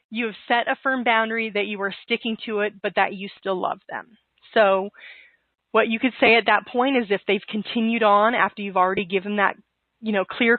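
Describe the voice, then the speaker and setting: A woman giving calm, steady divorce-coaching advice in an interview, with frequent fillers. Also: medium pitch, dry recording, narrow, tinny audio.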